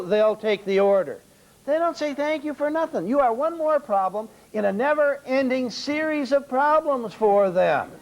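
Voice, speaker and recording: A man's voice: very high-pitched, gravelly, lo-fi sound. A man giving a seminar lecture on restaurant service, telling wry anecdotes and acting out the quoted dialogue.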